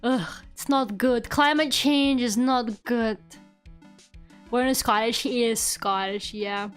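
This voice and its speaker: A woman's voice: a little high, slow pace, clear, resonant tone. A young woman streaming as a VTuber, chatting casually, giggling and swearing now and then, with faint game music behind her. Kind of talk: casual livestream chat.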